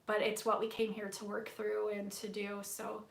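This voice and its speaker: A woman giving a live spiritual tarot reading to her viewers, soft-spoken and gushing, with many fillers and easily moved to emotion. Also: mid-range voice, completely flat delivery, moderate pace, gravelly. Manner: emotional, tearful at moments. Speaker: tarot reader hosting a livestream.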